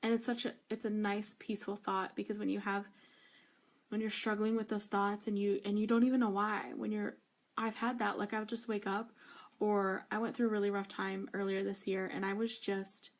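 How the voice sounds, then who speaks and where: A woman's voice: medium pitch, level tone, moderate pace. A young woman talking in a casual devotional vlog, gushing and emphatic, with many fillers and restarts. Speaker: faith vlogger.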